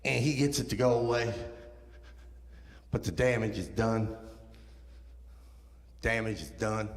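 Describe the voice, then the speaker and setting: Guest preacher, man in his fifties, animated storyteller who acts out his quotes, in a reverberant sanctuary. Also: fairly low pitch, unhurried. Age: 50s. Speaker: guest speaker. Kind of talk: sermon testimony storytelling. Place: church sanctuary. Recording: echoey church hall.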